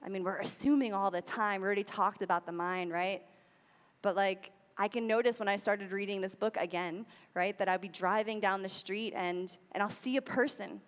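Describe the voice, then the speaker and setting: Woman, American, conversational sermon, repeats phrases, mid pitch, long hall reverb. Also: steady tone, normal speed. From United States. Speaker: speaker at a spiritual center. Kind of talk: sermon talk.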